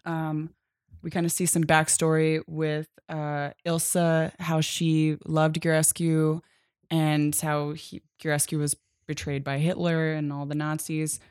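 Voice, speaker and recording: A woman's voice: deep voice, smooth, no room sound, clean studio sound. A woman co-hosting a podcast, recapping a comic in a rambling, casual way, with many fillers and easy laughter. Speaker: podcast co-host.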